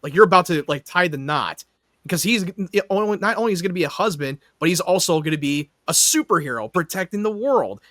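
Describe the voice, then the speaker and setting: A man's voice: high voice, animated, fast talker, a bit bright, no room sound, clean studio sound. A man co-hosting a casual show chat, earnestly explaining plot points. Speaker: podcast co-host.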